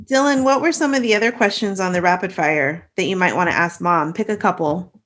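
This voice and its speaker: A woman's voice: fairly low pitch, brisk, fairly bright tone. A young woman co-hosting a casual podcast, explaining the segment and steering the talk. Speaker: podcast co-host.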